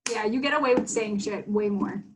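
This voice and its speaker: A woman's voice: medium pitch, a little fast, noisy background. A woman co-hosting a podcast, chatting casually in an easygoing way, laughing along. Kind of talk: casual chat.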